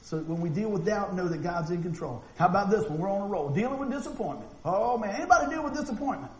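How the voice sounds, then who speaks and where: A man preaching a sermon, animated and folksy, acting out quotes and often repeating words. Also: high-pitched, quick pace. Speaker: pastor. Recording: echoey room with faint noise.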